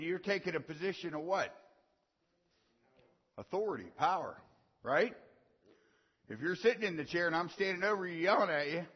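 Male pastor, folksy call-and-response preaching, slightly high voice, dull recording with long hall reverb. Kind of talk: sermon.

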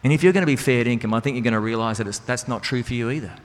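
A man's voice: mid-range voice, racing. Earnest man preaching in a hall. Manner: earnest, conversational preaching with rhetorical questions. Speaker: Christian speaker and singer. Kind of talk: sermon. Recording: reverberant hall with music behind.

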